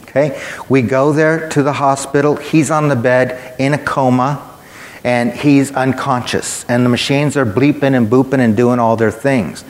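A man's voice: mid-range voice, steady tone, moderate pace. A man preaching a sermon, telling a personal story in a conversational way and speaking directly to his listeners. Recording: long hall reverb.

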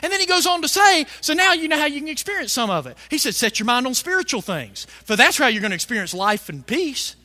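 A male preacher delivering a fiery sermon, shouting some lines and stretching words out slowly for emphasis. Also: very high-pitched, big pitch swings. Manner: fiery, shouting emphasis with big swings in loudness.

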